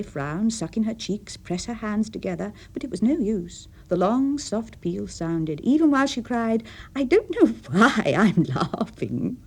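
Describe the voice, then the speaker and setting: Expressive English woman reading a story. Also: lowish voice, creaky, slightly rough. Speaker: reader. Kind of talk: short story reading for radio.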